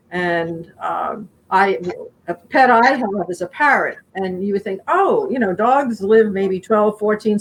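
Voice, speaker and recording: A middle-aged woman answering interview questions in a rambling, warm way, often acting out her animals' voices. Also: on the low side, a little hiss or hum, rough recording. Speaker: guest speaker.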